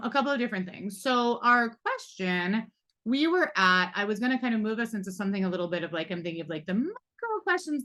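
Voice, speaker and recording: A woman in her 40s, with a fairly high and slightly bright voice, moderates a live roundtable discussion. Her speech is reflective and heavy on fillers and asides.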